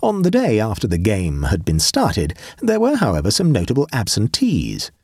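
Male audiobook narrator, low husky voice, very lively, wry and expressive. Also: normal speed, no room sound, studio quality.

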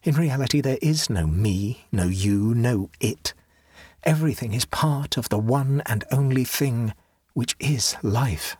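A man's voice: mid-range voice, unhurried, a little mellow, husky, no echo, clean studio sound. A man reading the part of a serene, rapturous young man who talks with ecstatic, preaching fervor. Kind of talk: audiobook character reading.

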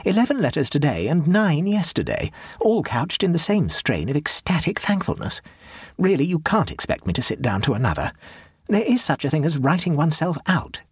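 A tired, sardonic Edwardian society wife, put on by a male reader in an audiobook. She speaks with weary defiance and a wry, husky edge. Her voice leaps high and low with lively scorn, close and dry. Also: moderate pace, no room sound, heavily acted. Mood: wearily defiant.

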